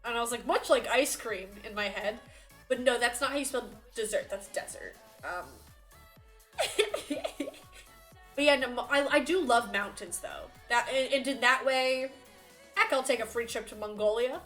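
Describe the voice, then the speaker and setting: A young woman streaming live, chatting loosely with her viewers and breaking into giggles. Her voice sits high and light, with faint music under it. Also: normal speed, fairly bright tone. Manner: giggly, chatty, reads chat aloud. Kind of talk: casual live-stream chat.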